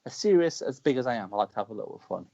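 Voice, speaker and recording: British wrestler guy rattling off stories quick, muffled lo-fi audio. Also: medium pitch, gravelly. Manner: animated, shouts quoted lines mid-story. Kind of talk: casual storytelling chat. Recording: dull lo-fi call audio.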